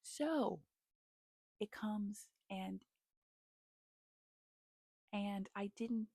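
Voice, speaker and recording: A woman's voice: medium pitch, drawn-out words, husky, dry recording, clean studio sound. A young woman giving casual book recommendations to her viewers, telling stories with lots of feeling and now and then dropping into a whisper. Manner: animated storytelling, dropping into whispers at moments. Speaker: book vlogger.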